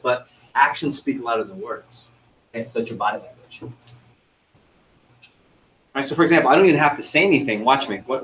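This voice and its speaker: A man's voice: mid-range voice, a bit bright, slight background noise, poor audio. A man running a sales training seminar, coaching the group and firing questions at them.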